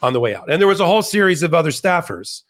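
A man as a legal commentator guest in a conversational interview, explaining points in an animated, argumentative way with frequent restarts. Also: on the high side, racing.

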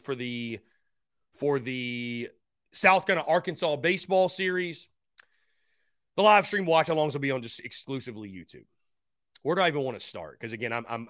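A man hosts a live call-in sports show in a bright, forceful voice that sits a little high. He speaks straight to his viewers, thanks supporters by name and repeats his points with energy. The sound is dry and close. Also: no echo. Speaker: podcast host.

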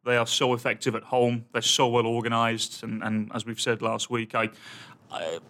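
A man's voice: mid-range voice, moderate pace. A man, a soccer commentator co-hosting a podcast, talking casually and getting fired up about pronunciation. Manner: animated, laughs often, fired up about pronunciation. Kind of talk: casual chat.

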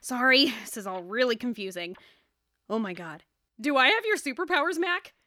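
A woman's voice: a little high, big pitch swings, moderate pace, sharp tone, no echo, studio quality. A woman in an audio drama, voicing a flippant, joking young man swapped into a woman's body. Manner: jokey, flippant.

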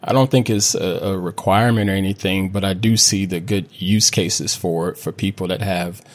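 A man who is a guest on a casual tech podcast, relaxed and good-humored. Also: low voice, normal speed.

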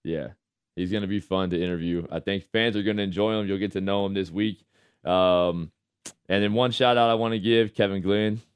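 A man's voice: deep voice, steady tone, brisk, clean tone, no room sound. A man hosting a sports radio show in a studio, chatting casually and laughing, calling people man and brother. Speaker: radio show host, football quarterback. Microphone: studio microphone.

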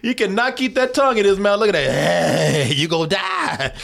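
A man hosting a casual movie review chat, talking in an animated, profane way and laughing often. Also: high-pitched, normal speed, creaky, very noisy. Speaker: movie review show host.

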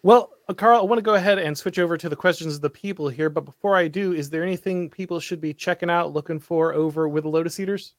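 A male host in a casual chat, reading out viewer questions with lively energy. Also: fairly high pitch, quick pace, hardly any pauses, dry recording, studio quality.

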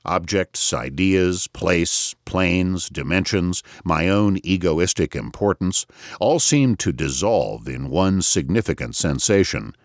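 A man with an extremely deep voice narrates a novel in the first person. His reading is measured yet lively in pitch, and the recording is dry and close with no room around it. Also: no echo. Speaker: audiobook narrator.

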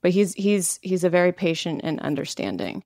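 A woman's voice: on the low side, big pitch swings, normal speed, vocal fry, darkish tone, no echo, studio quality. Candid, laughing woman guest. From Canada. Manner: candid, laughs often, many filler "like"s. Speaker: actress and podcast guest. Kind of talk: casual interview chat.

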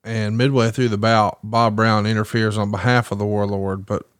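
A man's voice: on the low side, level tone, normal speed, clean tone, no room sound, clean studio sound. A man hosting a podcast, recapping events in a factual, casual way. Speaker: podcast host. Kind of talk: casual chat.

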